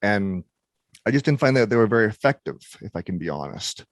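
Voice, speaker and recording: Low-voiced hesitant male podcast host. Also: very animated, a little fast, no room sound, clean studio sound. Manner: hesitant, many restarts and fillers. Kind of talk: casual conversation.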